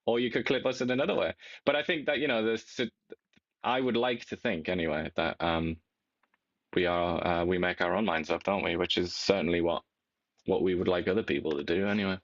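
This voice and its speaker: A man with a lowish voice, musing in a reflective, measured way and ending points with tag questions. His audio is dull and lo-fi, with a dry, close sound and no room echo. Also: steady tone. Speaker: co-host. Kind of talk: political talk show commentary.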